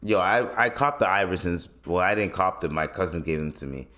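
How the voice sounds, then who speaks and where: A man's voice: sits low, brisk, pushed and bright. A man in his twenties hosting a podcast, chatting loosely and rambling with plenty of swearing. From Canada. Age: 20s. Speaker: podcast host. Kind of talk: casual podcast chat.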